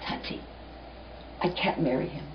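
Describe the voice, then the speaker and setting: A woman voicing a vain young daughter who pleads softly with her father in a told story. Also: mid-range voice, lively intonation, unhurried, vocal fry, far from the mic, background noise. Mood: distressed. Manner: soft, pleading, tearful. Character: young beautiful daughter, vain but remorseful. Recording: muffled lo-fi recording.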